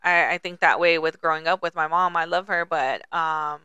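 A woman's voice: low-pitched, steady tone, normal speed, pushed and bright, smooth, no room sound, highs cut off. A woman in her forties co-hosting a podcast, talking candidly in casual chat and swearing freely. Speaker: podcast co-host.

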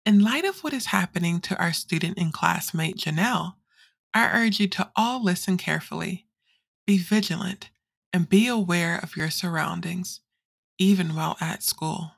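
An actress playing a quirky teenage girl who reads the morning school announcements in an audio drama, with a breezy, deadpan delivery. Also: lowish voice, moderate pace, creaky, slightly rough. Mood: breezy announcing.

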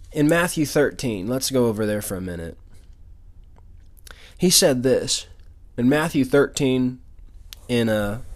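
Emphatic male preacher, even pitch. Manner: reads scripture then explains it with emphatic asides; repeats words as he restarts. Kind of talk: sermon.

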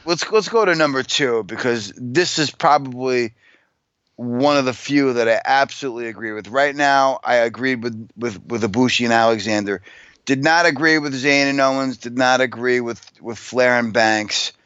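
A man's voice: medium pitch, normal speed, fairly bright tone, no room sound. A man co-hosting a casual podcast, wry and sarcastic, giving frank opinions. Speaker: podcast co-host. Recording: dull, dry lo-fi recording.

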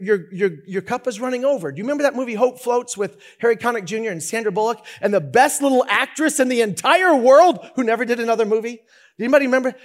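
A man preaching a sermon as pastor, talking in an animated, conversational way with many restarts. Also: high voice.

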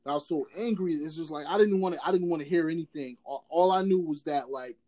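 A man's voice: fairly high pitch, quick pace, mellow. Emphatic man, stammering sports fan. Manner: emphatic and repetitive, stammers at starts. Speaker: podcast co-host. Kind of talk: casual sports chat.

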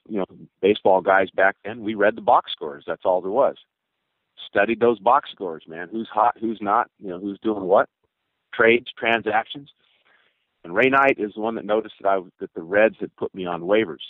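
A man's voice: fairly low pitch, dry recording. Older man telling a story over a tinny line. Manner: rambling, with restarts and acted quotes of others. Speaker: former baseball pitcher. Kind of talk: casual spoken storytelling. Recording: narrow phone-like dry sound.

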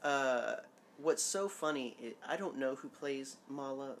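A man's voice: medium pitch, unhurried, slight background noise. Man, casual watch-along co-host; jokey, exclamatory, trivia-minded. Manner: joking, exclamatory, trivia-sharing.

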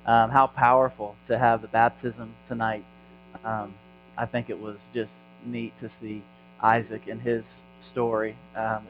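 A man from Indiana who pastors a church, speaking as a guest at a church service with self-mocking humor and lots of ums. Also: lowish voice. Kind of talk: casual sermon talk. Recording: dull sound with faint mains hum.

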